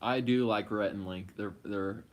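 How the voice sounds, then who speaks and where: A man co-hosting a casual live Q&A, playfully reluctant, with quick asides. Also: lowish voice, steady tone, slight background noise. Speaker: co-host of a couple's live Q&A. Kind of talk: casual live-stream chat.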